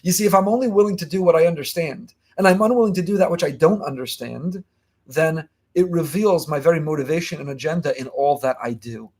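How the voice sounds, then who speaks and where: A man giving a fast, emphatic Torah lesson as a rabbi, repeating key phrases. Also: on the high side, a little mellow, breathy edge. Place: online class.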